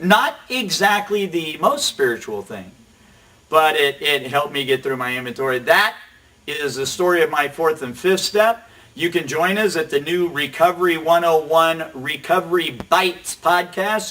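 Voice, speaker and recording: A man's voice: fairly high pitch, pushed and bright, distant mic. Man telling a story from off the mic. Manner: rambling, self-deprecating, quotes people in quick asides. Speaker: recovery show host telling his story. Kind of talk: casual storytelling.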